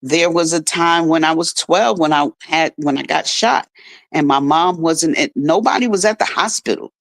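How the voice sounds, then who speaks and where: A woman's voice: low-pitched, moderate pace, vocal fry, no echo. A middle-aged woman, a radio guest, telling a personal story in an earnest, emotional way. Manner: earnest, emotional, restarts often. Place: radio studio.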